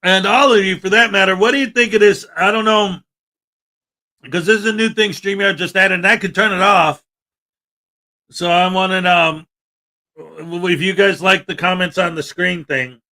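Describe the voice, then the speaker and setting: A man's voice: high voice, fairly even intonation, moderate pace, bright, forceful tone. A man hosting a morning livestream, greeting viewers by name in a chatty, upbeat way. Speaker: livestream host. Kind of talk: casual livestream chat.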